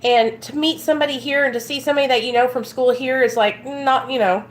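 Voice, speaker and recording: A fast-talking woman with a high-pitched, steady voice and a Southern accent speaks to viewers from her car, with a little hiss or hum in the recording. She's a recovery vlogger from Arkansas, sharing earnest, emotional, heartfelt thoughts on addiction recovery in a casual way, at moments nearly in tears.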